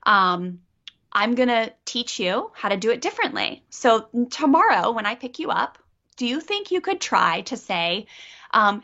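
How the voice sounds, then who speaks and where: A middle-aged woman coaching a parent on a call, animated and acting out child and parent voices. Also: a little high, normal speed. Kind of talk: coaching a caller. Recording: dull lo-fi audio.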